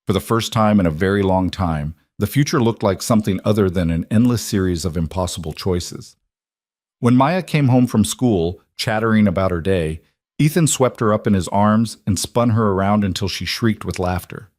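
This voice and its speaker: Low-voiced male storyteller, dry sound. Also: dry recording. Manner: even, measured storytelling. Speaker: narrator. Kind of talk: scripted story narration.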